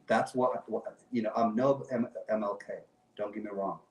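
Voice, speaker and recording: A man's voice: fairly low pitch, fairly even intonation, moderate pace, darkish tone, roomy sound, recorded from a distance, low-quality recording. Passionate man speaking off-mic. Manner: passionate, emphatic, repeats phrases. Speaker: guest activist. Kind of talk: impassioned talk show speech.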